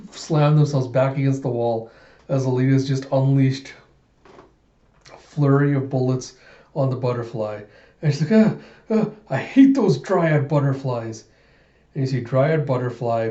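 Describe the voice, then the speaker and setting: A man reads a comic aloud in a casual, animated storytelling manner. His voice is dark and mellow, and the recording sounds dull and lo-fi in an echoey room. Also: mid-range voice. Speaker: comic readthrough host.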